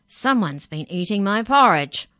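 A woman's voice: mid-range voice, sing-song, unhurried, sharp tone, no room sound, clean studio sound, pitched above the performer's own voice. A woman reading the lines of an indignant father bear in a storybook. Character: big adult male father bear, indignant.

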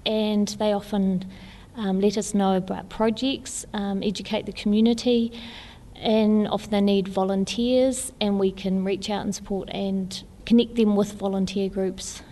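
A woman with a New Zealand accent, an environmental hub coordinator, answering interview questions in an informative, steady way with fillers. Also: mid-range voice, measured pace, in a large hall. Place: kiosk in botanic gardens.

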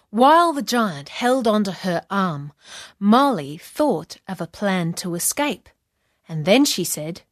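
Slow expressive woman storyteller. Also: medium pitch, dry recording, studio quality. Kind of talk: children's story reading.

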